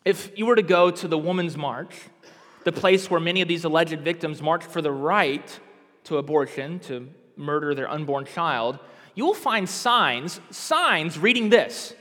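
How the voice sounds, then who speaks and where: A man's voice: fairly high pitch, lively intonation, a little slow, a bit bright, long reverb tail. A man preaching a sermon with impassioned, emphatic delivery that rises to outbursts.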